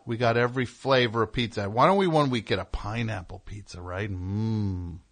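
A man's voice: on the low side, normal speed, a bit bright. A man hosting a call-in radio show, talking in a sardonic, rambling, mock-indignant way. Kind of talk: casual call-in radio talk.

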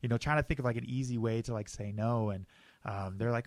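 An American man hosting a casual podcast interview, upbeat and joking with quick asides. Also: fairly low pitch, steady tone, a little mellow, dry recording, clean studio sound. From United States. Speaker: podcast host.

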